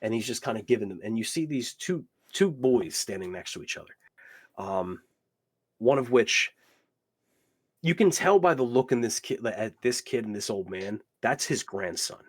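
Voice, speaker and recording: Male game master with a husky voice and a loose, filler-heavy way of narrating. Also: fairly low pitch, lively intonation, normal speed. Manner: rambling, lots of fillers.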